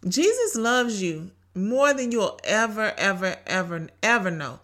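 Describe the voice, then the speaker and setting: Bright-voiced woman preaching casually. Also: mid-range voice, sing-song, measured pace, hardly any pauses. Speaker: podcast host. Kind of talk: faith-based solo podcast talk. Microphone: home podcast mic.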